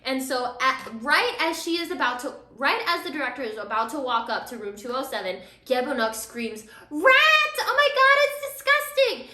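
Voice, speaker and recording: A woman's voice: high-pitched, fairly quick, few pauses, pushed and bright. A young woman vlogger casually recapping a drama while doing her makeup, chatty and full of fillers, acting out the characters' lines. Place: room at home, doing makeup. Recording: echoey room.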